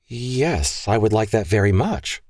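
A man's voice: on the low side, big pitch swings, a little slow, darkish tone, dry recording, studio quality, voice pushed up. A man voicing a genteel young woman who is newly arrived and full of wonder, lifting his voice for her lines. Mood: polite.

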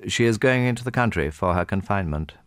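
A man's voice: on the low side, lively intonation, quick pace, smooth, dry recording, close to an everyday voice. A man voicing a bored, weary young aristocrat with a dry, sarcastic manner in an audiobook reading. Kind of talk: audiobook character voice.

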